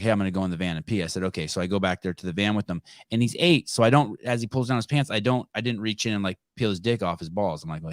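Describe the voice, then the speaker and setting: Brief: middle-aged male podcast host, low-pitched, swears freely, rambling storyteller, very dry close sound. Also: no echo. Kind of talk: casual chat.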